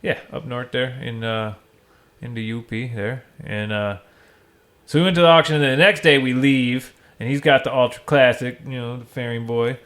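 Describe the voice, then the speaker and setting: An easygoing man chatting on a podcast, a middle-of-the-road voice neither high nor low. He rambles through stories, swearing freely and acting out what people said. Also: moderate pace, fairly bright tone. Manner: rambling profane storyteller. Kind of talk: casual podcast chat.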